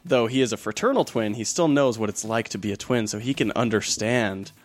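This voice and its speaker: A young man hosting a casual podcast, relaxed and storytelling with frequent laughs. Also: lowish voice, brisk, faint music behind. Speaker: podcast host. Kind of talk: casual chat.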